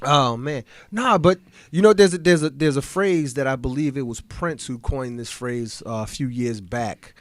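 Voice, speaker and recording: A man's voice: medium pitch, moderate pace, no room sound. A man hosting a talk radio show in casual, profane, joking banter with his co-host.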